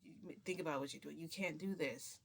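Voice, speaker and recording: A woman's voice: sits low, brisk, creaky, fairly bright tone, husky, full character voice. A woman telling a story and voicing a man who urges a gunman to stop, in a raised, urging delivery. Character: protective man pleading with a captor.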